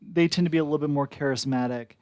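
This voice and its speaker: A man's voice: a little high, fast talker, a little mellow, no echo, studio quality. Laid-back male game master. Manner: loose, chatty, with frequent fillers. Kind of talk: narrating a tabletop game.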